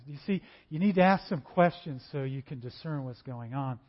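A man preaching a sermon, conversational and animated, acting out little dialogues in different voices. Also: mid-range voice, normal speed, few pauses. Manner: acts out dialogues in varied voices. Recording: dull lo-fi recording.

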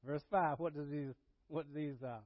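A man preaching a sermon as pastor, swinging between low murmurs and loud dramatic paraphrase. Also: steady tone, normal speed, no room sound, lo-fi sound. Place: church.

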